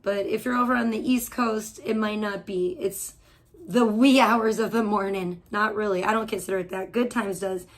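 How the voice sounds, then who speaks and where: A woman's voice: mid-range voice, fairly even intonation, moderate pace. A woman hosting an audio-only livestream from home, ranting in a heated, profane, rambling way with lots of restarts. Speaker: livestream host.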